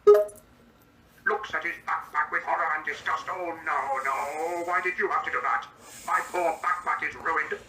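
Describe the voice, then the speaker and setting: AI male voice as Mr. Bean: indignant, prim, narrates his own actions, slightly high. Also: measured pace, sharp tone, echoey room, distant mic, faint music behind, rough recording. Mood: dismayed. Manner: reads his own stage directions aloud, indignant. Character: Mr. Bean, fussy indignant grown man. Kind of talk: AI voice improv role-play.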